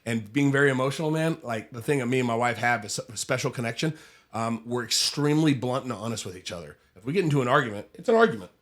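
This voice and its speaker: A man talking fast and bluntly on a casual podcast, his voice sitting at an ordinary pitch. He is openly emotional and drops swear words without a second thought. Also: expressive, fairly bright tone. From Arizona. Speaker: guest, HVAC sales rep.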